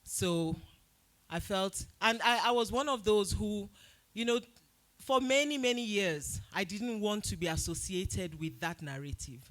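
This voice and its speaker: A Nigerian woman speaking to an event audience as its host, telling a story with lively, loud acted-out quotes. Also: mid-range voice, unhurried. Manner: animated storytelling, acts out quotes loudly. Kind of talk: speech at a live event.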